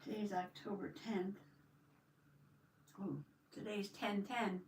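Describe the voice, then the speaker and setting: A woman's voice: medium pitch, little pitch movement, slow pace, a little hiss or hum. An older woman hosting a casual live journaling stream, chatting with viewers and greeting them with a folksy "howdy". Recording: echoey room, mic at a distance.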